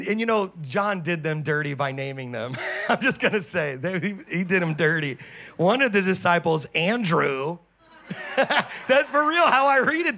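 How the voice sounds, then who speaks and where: A male pastor giving a lively sermon, joking with his congregation and laughing often. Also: high-pitched.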